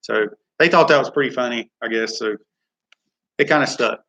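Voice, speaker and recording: A man's voice: medium pitch, moderate pace, sharp tone, poor audio. A man hosting a live chat Q&A from a studio, rambling and reading viewer comments aloud. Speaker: live stream host.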